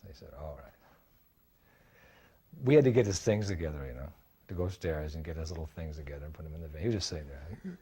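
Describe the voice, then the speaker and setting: Husky older man telling a memory. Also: a bass voice, lively intonation, very fast, warm tone. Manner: anecdotal, full of fillers and acted quotes. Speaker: monk speaker. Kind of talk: storytelling reminiscence.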